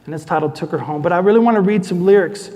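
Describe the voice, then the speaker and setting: A young man giving an animated storytelling talk on stage, acting out the voices of people he quotes. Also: high-pitched, rapid-fire. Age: young adult. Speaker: speaker. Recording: long hall reverb.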